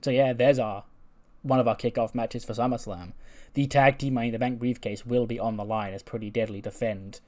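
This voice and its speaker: A man's voice: medium pitch, steady tone, brisk, a little mellow. Chatty man recapping wrestling. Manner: chatty, frequent fillers. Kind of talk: casual show recap.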